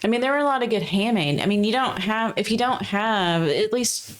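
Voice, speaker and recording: Forties woman, podcast co-host, chatty storyteller, mid-pitched, full of restarts and asides. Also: animated, brisk, a little hiss or hum. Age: 40s. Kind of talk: casual chat.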